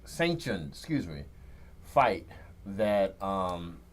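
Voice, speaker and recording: Low-voiced man, laid-back rambling host. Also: sing-song, drawn-out words. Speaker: radio show host. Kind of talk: casual chat.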